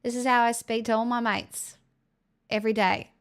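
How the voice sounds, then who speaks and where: A woman putting on a heavy, nasal, broad Australian accent to play a brash, crude, swearing loudmouth who rambles on. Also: a little high, little pitch movement, moderate pace, clear, resonant tone, natural voice. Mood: mock-proud.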